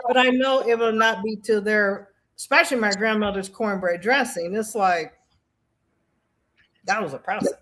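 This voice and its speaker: A woman's voice: mid-range voice, moderate pace, a little hiss or hum. A middle-aged woman telling stories about grief and faith, acting out the voices of the people she quotes. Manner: animated storytelling, acts out quoted voices. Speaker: guest, Air Force veteran. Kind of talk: emotional conversation about grief.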